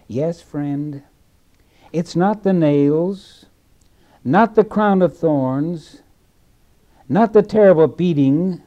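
A man preaching a sermon in a slow, deliberate way, dropping to a hush and then rising loud again. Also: on the high side, lively intonation.

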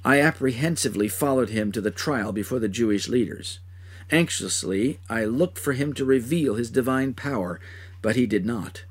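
A man playing a remorseful betrayer in a dramatic first-person monologue, speaking with a husky voice and crying out in anguish. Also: medium pitch, moderate pace, close to an everyday voice. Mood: anxious. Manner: impassioned, cries out in anguish. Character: remorseful man who betrayed his master.

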